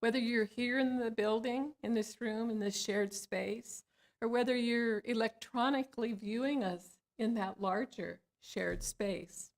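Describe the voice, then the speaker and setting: Woman guiding a calm meditation. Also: fairly high pitch. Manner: slow, soothing guiding cadence. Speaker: licensed spiritual practitioner. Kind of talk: guided meditation. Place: church hall.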